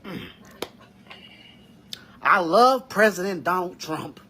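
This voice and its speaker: A man giving an emotional reaction monologue, fighting back tears, slow and halting with sighs and pauses. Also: sits high, expressive, pushed and bright, slight background noise. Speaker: vlogger reacting to news.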